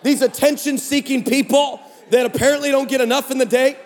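A man preaching at a conference, telling a comic story with animated delivery and playful voices for the people in it. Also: very high voice, brisk, long reverb tail. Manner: animated, acts out texts in funny voices. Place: large conference hall.

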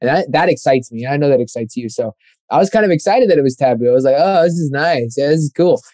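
A man's voice: fairly high pitch, expressive, quick pace, dark tone, no room sound. A young man telling a running story in a casual, rambling chat, full of fillers and acted-out quotes. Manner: rambling, filler-heavy, acts out quoted voices.

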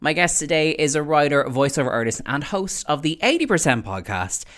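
Deep-voiced woman hosting a podcast. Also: big pitch swings, a little fast, a bit bright, soft background music. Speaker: podcast host. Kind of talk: casual chat.

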